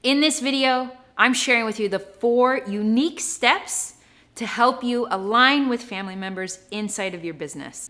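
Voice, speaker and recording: A woman's voice: medium pitch, a bit bright. A woman business coach giving advice straight to the viewer, stressing key words with emphasis. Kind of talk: direct-to-camera advice video.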